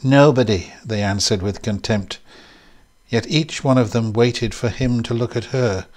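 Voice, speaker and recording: Slow, low-voiced man reading a story. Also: steady tone. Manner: measured, unhurried storytelling. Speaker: reader. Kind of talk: scripted narration of a classic short story.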